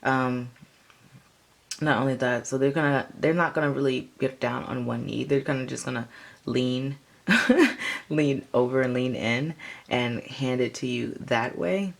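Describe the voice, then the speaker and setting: Gravelly-voiced woman reading tarot. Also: a bass voice, unhurried. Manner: rambling, filler-heavy, lots of "like" and "um". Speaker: tarot reader. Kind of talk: casual tarot reading to viewers.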